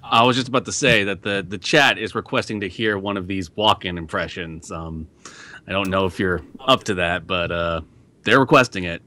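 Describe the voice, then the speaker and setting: A man's voice: low voice, moderate pace, sharp tone. A man co-hosting a live stream, speaking in a tentative, offhand way. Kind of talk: casual live stream talk.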